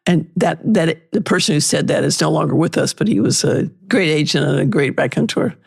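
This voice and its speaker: Gravelly older woman telling stories. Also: low voice, brisk. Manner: lively anecdotes, acting out exchanges. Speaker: litigation lawyer, guest. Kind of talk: storytelling in an interview.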